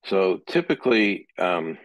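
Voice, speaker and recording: A man's voice: deep voice, big pitch swings, a little slow, no room sound, dull audio. A middle-aged man teaching a psychology class in a conversational way, sometimes acting out example dialogue. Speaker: psychology lecturer. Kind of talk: classroom lecture.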